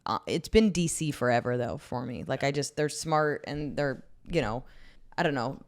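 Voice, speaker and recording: Low-voiced loud storytelling comedian woman. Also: animated, moderate pace. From New Jersey. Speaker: guest comedian. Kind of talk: casual podcast chat.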